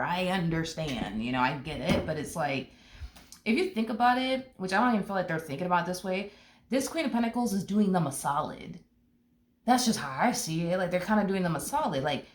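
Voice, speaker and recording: A woman's voice: on the low side, animated, fast, a little hiss or hum. A woman giving a casual tarot reading, blunt and emphatic, repeating her points and swearing freely. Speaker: tarot reader. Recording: roomy echo.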